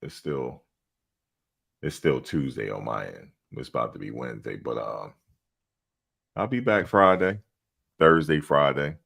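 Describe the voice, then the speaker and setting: Very deep gravelly man, laid-back host. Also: expressive, unhurried, pauses often, fairly bright tone. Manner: laid-back storytelling, laughs often. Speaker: fan channel host. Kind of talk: casual live-stream chat.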